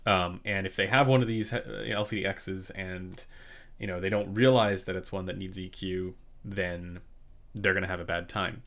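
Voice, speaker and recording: A man hosting a casual live-stream Q&A about headphones, speaking in a relaxed, rambling way with many fillers and restarts into a slightly quiet condenser microphone. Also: deep voice, normal speed. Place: home room during a studio move. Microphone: studio condenser microphone, a bit quiet.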